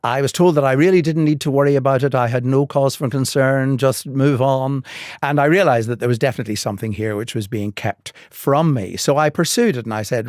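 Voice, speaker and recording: An older man with a Northern Irish accent tells his career stories in a podcast interview, measured and articulate, with a dry wit. His voice sits at an ordinary pitch. The sound is dry and close, with no room around it. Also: a little mellow, no room sound. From Northern Ireland. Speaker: guest.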